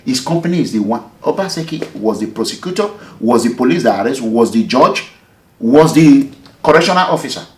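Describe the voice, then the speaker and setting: A Nigerian man with a lively, swooping voice tells his story in an interview, acting out the back-and-forth of each exchange. The voice carries a noticeable room echo. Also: medium pitch, fairly quick. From Nigeria, Edo State. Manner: animated, emphatic, acts out the dialogue. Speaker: activist, movement leader. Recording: echoey room.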